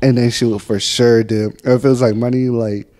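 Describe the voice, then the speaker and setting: A young man hosts a relaxed, easygoing chat and asks short questions. His voice sits at an ordinary middle pitch for a man. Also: a little fast. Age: young adult. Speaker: host, younger brother. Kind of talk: casual interview chat.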